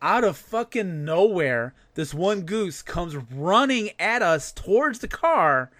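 A young man hosting a podcast, telling rants in a loose, profane, animated way. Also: high-pitched, slow pace, dry recording. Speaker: podcast host. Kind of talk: casual ranting chat.

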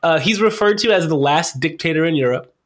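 A man with a slightly high voice hosts a loose, casual soccer podcast. He swears freely, laughs often and trips over hard names as he rambles through his story. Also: lively intonation, brisk. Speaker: podcast host.

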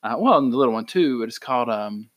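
A man's voice: medium pitch, expressive, fast talker, highs cut off. A man in his thirties, co-hosting a casual faith podcast, who tells stories and acts out the quotes. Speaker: podcast co-host.

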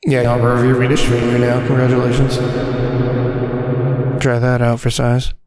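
A man's voice: medium pitch, monotone, moderate pace, darkish tone, no echo. A man hosting a podcast in casual joking chat, goofy, bossy and mock-grandiose. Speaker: podcast host. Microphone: dynamic mic.

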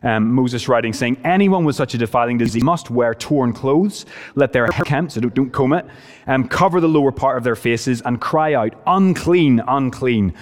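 Male preacher, emphatic and earnest, average pitch, echoing church hall. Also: normal speed. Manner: earnest, emphatic, varies pace for stress. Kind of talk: sermon.

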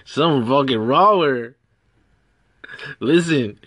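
A man's voice: mid-range voice, a little slow, a bit bright, dry recording, clean studio sound. A man ranting in crude, rowdy banter as a podcast guest. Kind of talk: casual rant.

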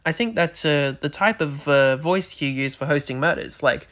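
Talking alone into a mic for a solo podcast, this host rambles, restarts often, and slurs words slightly now and then. The delivery has a medium pitch, a somewhat bright quality, normal speed, and hardly any pauses.

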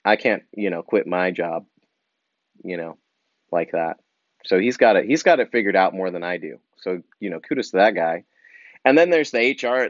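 A man performing a rambling comic monologue, full of fillers and animated asides. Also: lowish voice, no echo, highs cut off. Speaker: comedian.

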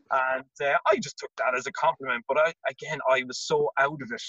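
A man with an Irish accent, a former college tennis player telling a story in a casual interview, animated and repeating words as he acts out quotes. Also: mid-range voice, fast talker, hardly any pauses, no room sound, dull audio. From Ireland.

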